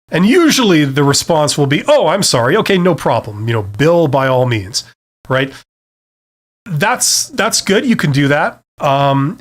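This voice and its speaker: A man's voice: on the high side, a bit bright. A middle-aged man from Canada hosting a live-stream Q&A, talking casually with many fillers and self-deprecating asides. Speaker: host.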